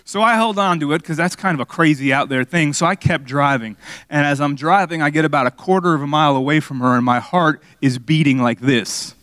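A man's voice: brisk, no echo. Guy preaching, chatty storyteller, asks the crowd stuff, dry close sound. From Miami. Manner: storytelling, conversational with the crowd, rising to excited highs. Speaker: pastor. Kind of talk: sermon.

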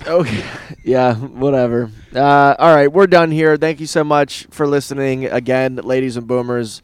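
A man's voice: medium pitch, moderate pace, clear, resonant tone, no echo. A man co-hosting a casual fan podcast, joking and laughing often. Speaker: podcast co-host. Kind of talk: casual chat.

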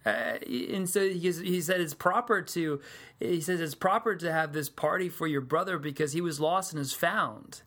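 A man's voice: a little high, moderate pace, sharp tone. Man preaching in a chatty, joking way. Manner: casual, conversational storytelling with joking asides. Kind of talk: sermon.

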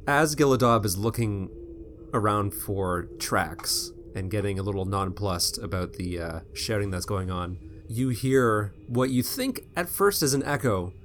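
Man, game master, lowish voice, easygoing scene narration, faint room noise. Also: expressive, unhurried, a bit bright. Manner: easygoing, descriptive, joking asides.

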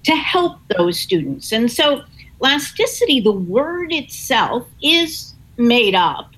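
A woman author answering interview questions in a measured, explanatory way. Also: a little high, bright, forceful tone, poor audio. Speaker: author and guest.

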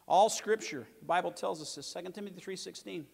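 A fairly high-voiced man preaching to a congregation, hammering home words by repeating them. He swings from forceful, loud declarations to quieter asides. His voice rings with a long church reverb. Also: brisk, creaky, hardly any pauses, slightly rough. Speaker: pastor. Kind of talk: sermon.

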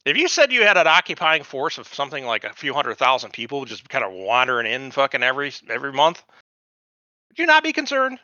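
A man's voice: mid-range voice, huge pitch swings, fast, sharp tone, dry recording, lo-fi sound. A man from the United States co-hosting a podcast, rambling through casual chat with lots of profanity and digressions. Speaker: podcast co-host.

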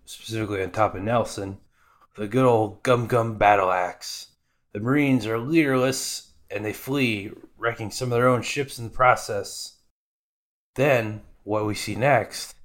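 A man with a fairly low, slightly bright voice hosts a podcast where he casually recaps anime episodes. He's irreverent, swearing freely, tossing in profane asides, and putting on mock voices for the characters.

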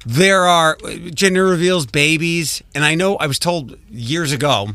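A man hosting a morning radio show, talking in a measured, logical way and keeping the segments on time. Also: on the high side, sharp tone. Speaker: radio host. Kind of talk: casual morning radio chat.

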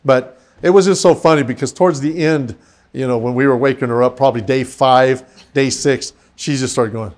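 A man's voice: medium pitch, moderate pace. A man who is a pastor, telling a story in casual conversation and acting out the voices of the people in it. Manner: animated, acts out quoted voices.

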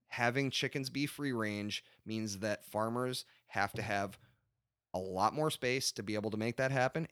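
A man hosting a casual podcast, ranting with lots of swearing and animated asides. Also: lowish voice, no room sound, clean studio sound. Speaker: podcast host.

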